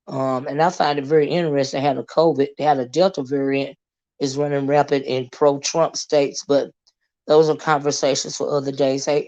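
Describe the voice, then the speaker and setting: A hoarse woman, hosting a casual livestream, greeting viewers and chatting with many fillers and asides. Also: extremely low pitch, a little mellow, highs cut off. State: hoarse, lost her voice. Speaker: livestream host.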